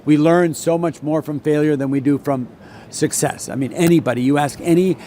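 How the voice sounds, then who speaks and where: Older New man, veteran trader, rambling storyteller, slightly high voice, faint noise behind. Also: steady tone, a little fast, mellow. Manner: rambling, many restarts and repeats. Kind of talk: solo talk with anecdote.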